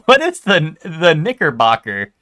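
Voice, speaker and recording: A man's voice: on the high side, huge pitch swings, a little slow, pushed and bright. A man streaming live, chatting casually with his chat and stumbling over unfamiliar food names. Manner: chatty, hesitant, stumbles over foreign words.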